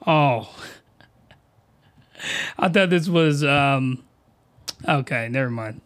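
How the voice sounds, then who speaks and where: A man hosting a solo podcast, ranting in slangy, excitable bursts and shouting when he gets worked up, close to his desk microphone. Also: mid-range voice, very slow. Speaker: podcast host reviewing anime. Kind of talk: animated solo podcast rant.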